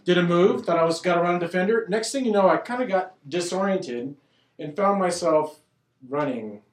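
A man in casual chat tells a story against himself with stops and restarts. His voice sits a little high. The sound is roomy and echoey, with the mic somewhat away from him. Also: distant mic. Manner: self-deprecating, halting storytelling.

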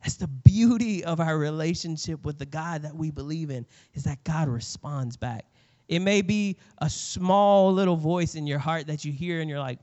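A man's voice: a little high, normal speed, darkish tone. A male pastor preaching a sermon in an earnest, conversational way. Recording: reverberant hall, slightly dull sound.

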